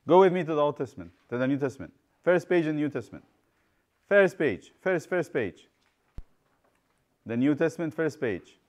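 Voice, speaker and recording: A man's voice: on the high side, lively intonation, moderate pace, long pauses, darkish tone. A man teaching a children's Bible study, quizzing the class and retelling stories with acted-out voices.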